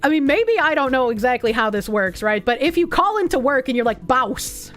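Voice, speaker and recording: A young woman with a high voice rambles through a livestream, reading donations and chat aloud. She is animated and swears freely. Soft music plays quietly behind her. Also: fairly quick. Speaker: streamer. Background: faint music.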